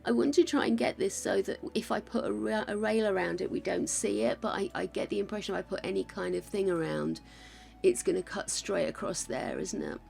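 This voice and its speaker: An older woman from England with a croaky voice, chatting and thanking viewers while building in a game, self-mocking and gushing. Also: medium pitch, fairly quick, a little mellow, faint music behind. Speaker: game streamer.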